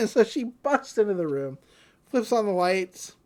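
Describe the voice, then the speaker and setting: Animated woman recapping a cartoon episode. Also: mid-range voice, a little slow. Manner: animated retelling with many fillers. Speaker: podcast co-host.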